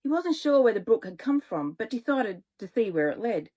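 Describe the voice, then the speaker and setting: A woman and children's author reading her own story aloud in a relaxed way, now and then correcting herself. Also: on the high side, normal speed, poor audio.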